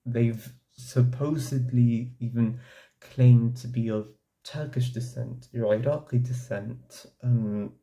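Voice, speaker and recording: A young man with a very deep, mellow and dark tone talks through his opinions as a casual vlog. He rambles, circles back and fills gaps with "like" while he gathers his thoughts. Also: fairly even intonation, slow. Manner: rambling, frequent "like" and restarts. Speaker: vlogger.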